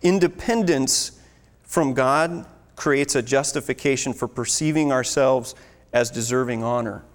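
Pastor type, man, earnest teaching sermon, mid-pitched, long hall reverb. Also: measured pace. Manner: earnest, teaching, reads scripture aloud.

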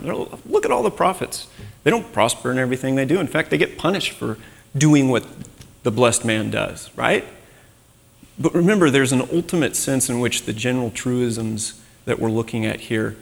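A man gives a sermon in a chatty, teaching manner and slips into quoted voices now and then. His voice has a gravelly edge at a mid pitch. A long reverb trails after each phrase, as in a big hall. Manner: conversational, acts out quoted voices. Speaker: preacher.

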